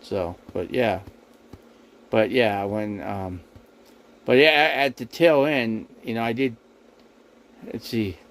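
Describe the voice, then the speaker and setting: A man's voice: on the low side, slow, long pauses, fairly bright tone, poor audio. Rambling, defensive man live-streaming. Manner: rambling, repetitive, defensive, addressing viewers directly. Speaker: RV living livestream host. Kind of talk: casual livestream talk to chat.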